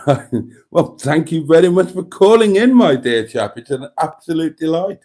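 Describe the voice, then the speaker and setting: Chatty, tipsy livestream host. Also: male voice, fairly high pitch, expressive, normal speed, warm tone. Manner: chatty, laughs often, reads comments aloud. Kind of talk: casual livestream chat.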